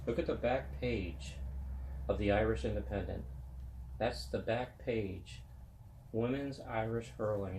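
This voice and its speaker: Gravelly, low-voiced man in his fifties. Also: a little mellow, reverberant, slight background noise. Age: 50s. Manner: rambling, folksy, chatty. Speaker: host of a web chat show. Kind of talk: casual sports chat.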